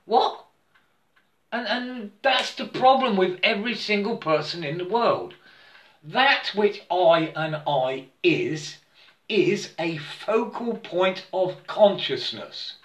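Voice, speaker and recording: A man with a fairly high voice talks very slowly in a rambling, spiritual monologue. He stammers, loops back on words and keeps checking in with his listener. The room around him rings with a noticeable echo. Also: expressive, a bit bright. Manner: halting and repetitive, stammers and keeps asking "yeah?". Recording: roomy echo.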